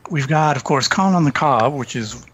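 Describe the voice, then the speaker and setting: A man's voice: on the high side, lively intonation, moderate pace, a bit bright, lo-fi sound, slight background noise. A Canadian man co-hosting a podcast in casual chat, hesitant with frequent ums and uhs, chuckling as he talks. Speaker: podcast co-host.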